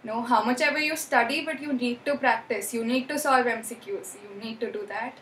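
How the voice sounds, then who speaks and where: A young woman, a medical student giving relaxed, upbeat answers in a casual interview. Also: a little high, a little fast, background noise. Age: young adult. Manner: relaxed and upbeat, laughs between words. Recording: echoey room.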